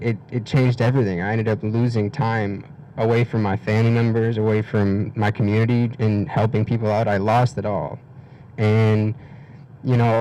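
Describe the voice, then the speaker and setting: Teen guy, low and mellow, halting testimony, emotional and near tears. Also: a little hiss or hum, low-quality recording. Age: teens. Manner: halting, many fillers and restarts. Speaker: guest speaker. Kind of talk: personal testimony at a community event.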